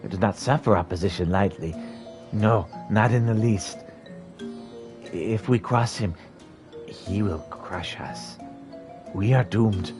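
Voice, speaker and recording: A man's voice: lowish voice, takes it slowly, long pauses, over music. A man voicing a timid, fretful male kobold in a game, stammering and piling up anxious synonyms. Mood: whiny. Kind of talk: reading game dialogue aloud in character.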